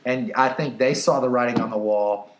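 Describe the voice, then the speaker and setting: A man's voice: mid-range voice, normal speed, over a noisy crowd. Young man joking in an echoey room. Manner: deadpan mock-boastful banter. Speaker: podcast co-host. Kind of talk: casual joking chat.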